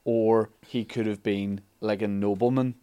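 A man's voice: on the low side, fairly even intonation, measured pace, dark tone, smooth. A man co-hosting a casual podcast, asking curious questions.

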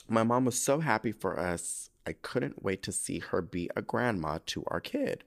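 A man's voice: fairly low pitch, normal speed, gravelly, hardly any pauses. A young man hosting a podcast, chatting casually in a camp, swearing style and reading a listener's letter aloud, getting choked up. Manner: animated, camp, swears freely, gets emotional while reading. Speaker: podcast host.

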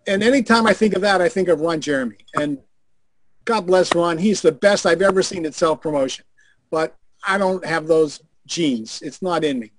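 An older man, a guest on a video call, telling animated, profane stories and acting out the voices of the people he quotes. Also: on the high side, normal speed, no room sound. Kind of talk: anecdotal storytelling.

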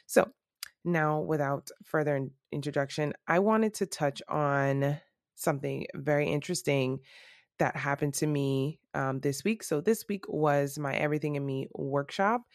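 A woman hosting her own podcast, talking candidly and reflectively about her setbacks, with a slightly rough early-morning voice. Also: low-pitched, no room sound, studio quality. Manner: candid and reflective, with many ums and restarts. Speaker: podcast host. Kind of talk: casual solo podcast monologue.

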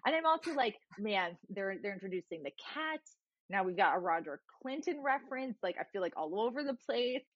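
A woman's voice: medium pitch, big pitch swings, brisk, no room sound. A woman co-hosting a podcast, chatting casually as she recaps a TV episode, laughing often and acting out the lines she retells. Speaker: podcast co-host. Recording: dull, dry sound.

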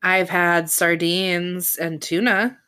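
Bright-voiced chatty woman podcast co-host. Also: lowish voice, steady tone, takes it slowly, clear, resonant tone. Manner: chatty, many fillers, laughs easily. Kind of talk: casual chat recapping a reality show.

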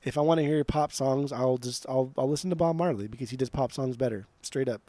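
A man's voice: mid-range voice, a little fast, dark tone, no room sound. A man co-hosting a podcast in casual chat, giving blunt, profane opinions with lots of emphasis. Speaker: podcast co-host.

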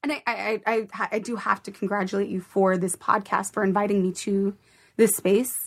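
A woman speaks as a podcast guest in relaxed conversation. She is earnest and thoughtful and often pauses on "like" while she finds her words. Her pitch sits in an ordinary middle range. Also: vocal fry.

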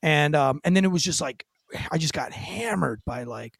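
A man's voice: fairly high pitch, lively intonation, normal speed, vocal fry, no room sound, clean studio sound. A man hosting a podcast interview, chatting casually and telling stories with quoted voices. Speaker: podcast host.

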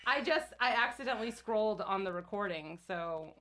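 A woman's voice: mid-range voice, animated, normal speed, pushed and bright, slight background noise. A woman from the Baltimore area co-hosting a podcast with her sisters, chatting casually, rambling and laughing often. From Baltimore, Maryland area. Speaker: podcast co-host. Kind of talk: casual chat among sisters.

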